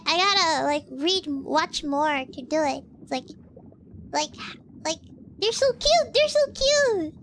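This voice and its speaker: A woman's voice: very high-pitched, a bit bright, a little hiss or hum. A woman streamer in casual livestream chat, rambling with many "like" fillers and frequent coughs, in a cutesy voice.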